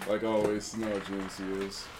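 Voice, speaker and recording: A man's voice: fairly low pitch, little pitch movement, fast talker, echoey room, over a noisy crowd. A young man co-hosting a podcast, telling stories bluntly with lots of swearing. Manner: swearing, blunt, laid-back storytelling. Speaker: podcast co-host. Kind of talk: casual banter.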